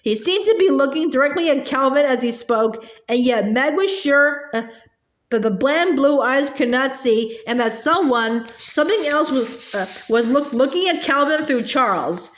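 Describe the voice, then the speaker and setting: A woman reads a novel aloud in a high voice. She stumbles and restarts on words now and then and lifts her pitch for the dialogue. The room around her is echoey. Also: animated, moderate pace. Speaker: reader.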